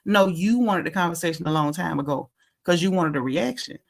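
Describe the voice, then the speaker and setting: A woman hosting a casual gossip chat, telling the story with lively acted-out quotes and slang. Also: mid-range voice, fairly quick. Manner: animated storytelling, acting out quotes, Southern slang. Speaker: podcast host recapping a reality show.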